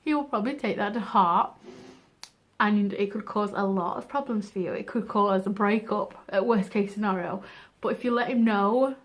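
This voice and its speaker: A woman's voice: mid-range voice, normal speed. A young woman giving frank, chatty advice in a casual vlog, laughing at herself now and then. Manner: chatty, frank, self-deprecating. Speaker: vlogger.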